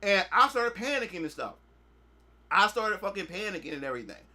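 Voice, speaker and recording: High-voiced, blunt, profane man. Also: sing-song, a little fast, bright, forceful tone. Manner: blunt and profane, with lots of repeated filler phrases; emphatic, preachy lecturing. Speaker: podcast host. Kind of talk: casual podcast monologue.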